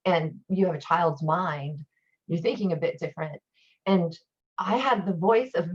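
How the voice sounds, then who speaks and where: A woman appears as a guest teacher, an occult priestess, chatting casually and telling rambling stories. Her fairly low voice has a breathy edge and moves at a moderate pace, captured on a dull lo-fi recording.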